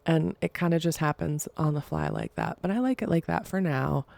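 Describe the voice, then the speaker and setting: In a relaxed solo podcast, the young woman hosting it chats, rambles and giggles. She speaks at normal speed in a low voice with gravelly fry and a dark, mellow tone, and the sound is dry and close with no room sound.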